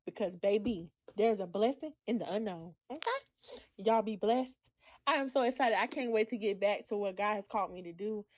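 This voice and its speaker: A woman's voice: medium pitch, brisk, dry recording, lo-fi sound. A woman hosting a faith podcast, speaking emphatically and calling her listeners "baby" and "y'all". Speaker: podcast host.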